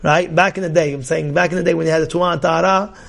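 A rabbi gives a Torah class in a fairly high voice. He teaches emphatically, asking rhetorical questions and breaking into loud outbursts. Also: steady tone, very fast, gravelly.

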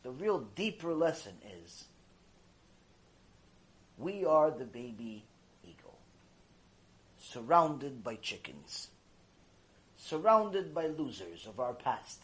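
A man giving an impassioned mussar lecture, exhorting his listeners and swinging between hushed and loud. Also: medium pitch, sing-song, takes it slowly, pauses often. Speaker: Torah lecturer.

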